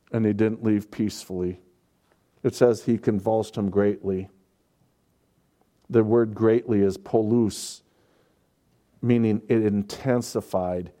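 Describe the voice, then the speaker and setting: Slow, mellow-voiced man preaching. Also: medium pitch. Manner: expository preaching, with repeated words and emphatic builds. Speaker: pastor. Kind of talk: sermon.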